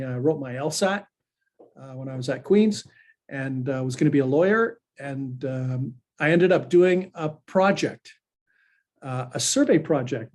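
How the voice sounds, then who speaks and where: A man guest telling lively personal stories in a casual podcast chat. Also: mid-range voice. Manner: animated anecdotal, frequent fillers. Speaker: pollster and guest.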